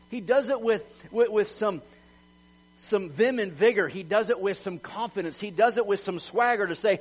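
A man's voice: high voice, animated, moderate pace, slightly rough. A middle-aged male pastor preaching a sermon with emphasis, acting out quotes with swagger. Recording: dull lo-fi sound with mains hum.

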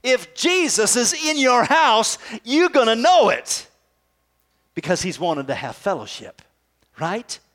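A pastor preaching a sermon in a conversational way, often checking in with the congregation with quick tag questions. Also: male voice, very high voice, sing-song, a bit bright. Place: church service.

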